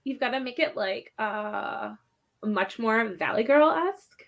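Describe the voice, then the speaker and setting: A woman's voice: a little high, expressive, measured pace, gravelly, muffled recording. A woman hosting a casual reading stream, teasing her co-hosts and giggling often. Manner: giggly, teasing, reads definitions aloud. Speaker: host of a reading sprint stream. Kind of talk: casual chat.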